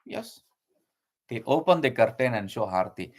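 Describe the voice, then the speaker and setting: A man's voice: medium pitch, sing-song, moderate pace. A man teaching a lesson and commenting on a scripture verse by verse, explaining at length with frequent fillers and repeated key terms.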